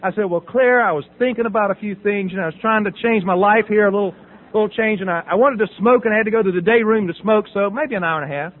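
Through tinny, phone-like audio comes a high-pitched, fast-talking Southern man in middle age, giving a personal testimony about recovery. Along the way he acts out conversations and laughs frequently.

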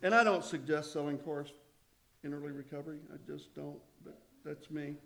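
A man's voice: on the high side, steady tone, moderate pace, creaky, bright, forceful tone. A man sharing his recovery story at a meeting, in a conversational way with self-deprecating humor.

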